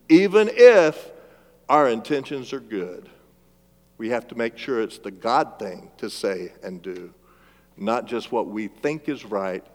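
A man preaching a sermon as pastor, swinging between loud emphatic lines and hushed, drawn-out phrases and calling for responses from the congregation. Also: medium pitch. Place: church sanctuary. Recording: long reverb of a large church hall.

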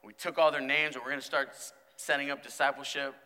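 A man who is a student pastor, preaching a sermon and acting out stories, swinging from mumbled quotes to loud exclamations. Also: medium pitch, level tone, quick pace, clean tone. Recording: long hall reverb.

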